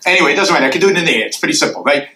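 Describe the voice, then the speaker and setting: A man's voice: on the high side, expressive, rapid-fire, echoey room, a crowd in the background, rough recording. A man answering audience questions after a university lecture, arguing emphatically and sketching graphs in the air.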